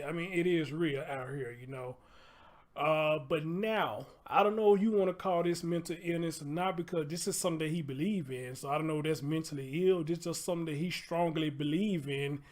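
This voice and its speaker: Male livestream host, slightly high voice, loose chatty delivery with casual swearing. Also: a little mellow. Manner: loose, chatty, swears freely, repeats phrases.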